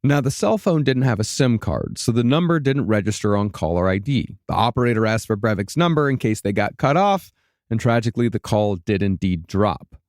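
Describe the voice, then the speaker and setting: A man hosting a podcast, recounting events in a steady, matter-of-fact storytelling style with dry asides, recorded in a studio. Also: on the low side, brisk, no room sound. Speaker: podcast host and narrator. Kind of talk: storytelling true-crime narration.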